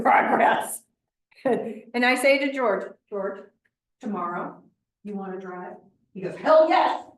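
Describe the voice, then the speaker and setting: A woman with a Midwestern American accent teaching a real estate class, telling stories with chatty, animated acted-out quotes. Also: medium pitch. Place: training classroom. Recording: echoey room.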